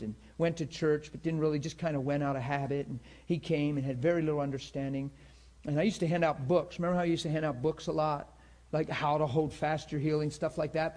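Man, middle-aged, pastor, casual sermon, animated storyteller, slightly high voice. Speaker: pastor teaching a healing class. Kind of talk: informal sermon teaching.

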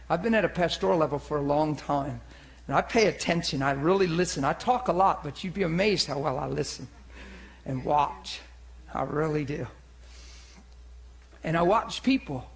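A male pastor preaching with animated energy, acting out little voices and sound effects as he teaches. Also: a little high. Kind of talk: sermon.

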